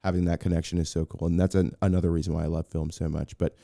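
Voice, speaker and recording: Deep-voiced man telling a story. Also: fast talker, vocal fry, no room sound, clean studio sound. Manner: animated, acts out quotes, frequent restarts. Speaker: podcast guest. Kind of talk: casual storytelling.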